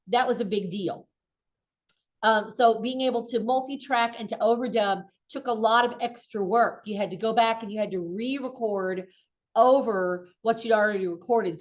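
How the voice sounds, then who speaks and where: A woman's voice: mid-range voice, normal speed. A middle-aged woman giving a conversational lecture as an instructor, casual and chatty with frequent ums and restarts. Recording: dull lo-fi recording.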